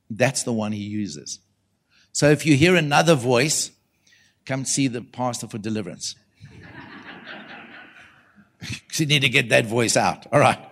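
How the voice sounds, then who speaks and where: A man with a South African accent preaching a conference sermon, chatty and lively, dropping to a hush and then rising loud as he calls out to the audience. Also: medium pitch. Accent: South African English. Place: conference hall before an audience.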